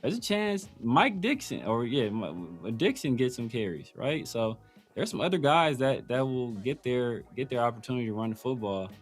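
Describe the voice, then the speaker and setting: A man's voice: medium pitch, sing-song, moderate pace, breathy edge, faint music behind. A man hosting a casual sports talk show, rambling with many restarts and fillers. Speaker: podcast host.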